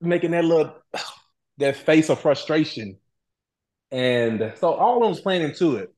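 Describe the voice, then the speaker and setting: A middle-aged man telling a story as a guest in a casual interview, animated and acting out other people's lines. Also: on the high side, a little slow. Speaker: reality TV guest.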